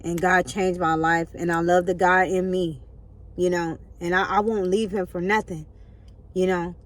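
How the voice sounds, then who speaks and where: A woman's voice: lowish voice, fairly even intonation, moderate pace. A woman giving a spiritual motivational talk into her phone, earnest and preachy, often checking in with her listeners. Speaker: spiritual vlogger.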